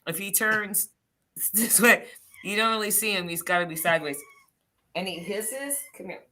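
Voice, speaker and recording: A woman's voice: mid-range voice, normal speed, sharp tone. A woman in a casual live stream chat, talking chattily and jumping between topics.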